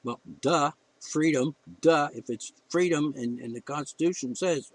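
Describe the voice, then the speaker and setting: Heated, ranting man, fairly high voice. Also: unhurried, no echo, poor audio. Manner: blunt, heated ranting with profanity. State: emotional. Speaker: podcast host. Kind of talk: opinion monologue.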